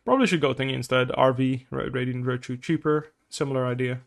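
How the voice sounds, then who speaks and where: Fast-talking gravelly male coach. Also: mid-range voice, fairly even intonation. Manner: blunt, swears often, acts out little scenes. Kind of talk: casual game coaching.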